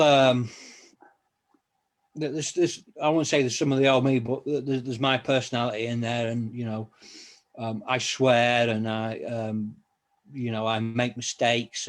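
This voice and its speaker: Halting, reflective male podcast host. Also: medium pitch. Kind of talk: casual chat.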